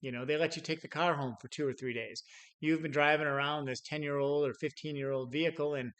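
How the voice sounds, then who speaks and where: A middle-aged man with a slightly high, fairly bright voice speaks fairly quickly in a steady tone. A sales trainer giving an unscripted talk, he tells stories with acted-out quotes, chuckling and often restarting phrases and repeating words.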